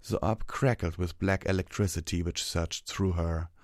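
Deep-voiced guy reading a story out, dry close sound, steady. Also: normal speed, no room sound. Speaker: narrator. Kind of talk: scripted story narration.

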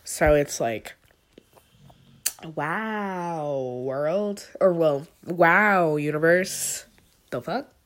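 A young woman with a stuffy nose, rambling candidly and swearing through a personal voice update after a long, emotional day. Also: very slow. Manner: rambling, candid, swearing, swings between low mumbling and high tearful outbursts.

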